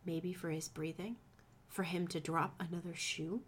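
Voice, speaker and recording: A woman's voice: fairly low pitch, steady tone, normal speed, slight background noise. A woman reading fan fiction aloud with friends, breaking off to joke and laugh. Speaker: reader.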